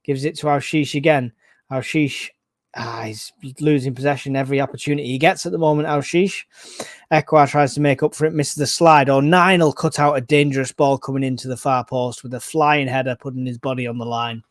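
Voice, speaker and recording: A man giving excitable, casual live fan commentary on a football match, groaning and swearing at the play. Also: medium pitch, brisk, dry recording, studio quality.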